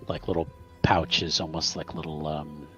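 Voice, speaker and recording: A man's voice: very deep voice, flat delivery, a little slow, a bit bright, soft background music. A man playing a tabletop game, loosely describing what his character does while searching for words. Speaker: player. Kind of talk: casual tabletop play.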